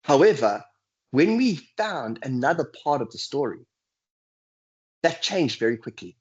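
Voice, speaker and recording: Husky man giving a webinar lecture. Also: mid-range voice, very animated, measured pace. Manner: earnest, acts out inner voices with sighs. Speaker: guest lecturer. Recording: dull, lo-fi video call audio.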